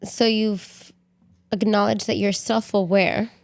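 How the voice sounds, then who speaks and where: A woman's voice: medium pitch, level tone, slow pace, vocal fry, darkish tone. A woman co-hosting a podcast, asking probing follow-up questions in casual talk. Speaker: podcast co-host. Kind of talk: candid conversational podcast.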